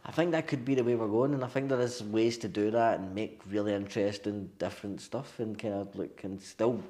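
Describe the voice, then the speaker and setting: A man's voice: on the low side, steady tone, fairly quick, dark tone. A man chatting as an interview guest, eagerly agreeing and peppering his talk with "man" and "definitely". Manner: enthusiastic, lots of "man" and "definitely". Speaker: filmmaker guest. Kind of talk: casual chat.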